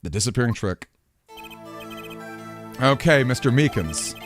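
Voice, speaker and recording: A man voicing a young male defense attorney, asking pointed questions in a low, insistent tone. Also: expressive, unhurried, soft background music, lightly acted. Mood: probing.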